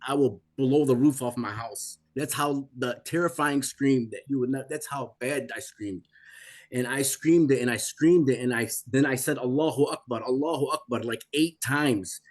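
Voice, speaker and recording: A man's voice: fairly high pitch, darkish tone. A man in his forties telling a personal testimony in an intense, repetitive way, his voice rising when he pleads. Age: 40s.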